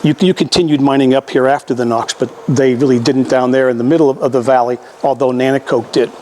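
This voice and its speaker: A man's voice: mid-range voice, fairly even intonation, fast talker, warm tone, slight background noise. An older man giving a folksy, conversational public history lecture to an audience, with many restarts and repetitions.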